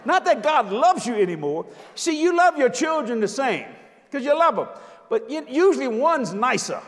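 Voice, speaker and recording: An older man preaches in a strikingly high voice, joking with the crowd and hammering his points home with sudden shouts. His words ring out with a long reverb, as if recorded across a large church hall. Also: big pitch swings, moderate pace. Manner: emphatic, jokey preaching with sudden shouted lines. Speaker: visiting preacher. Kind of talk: sermon.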